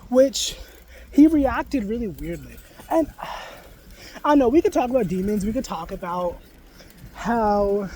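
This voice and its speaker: A man's voice: high voice, darkish tone, slight background noise. A man vlogging casually about spiritual ideas, in a loose, rambling way full of fillers, now and then swearing bluntly. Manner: frank, sometimes swearing.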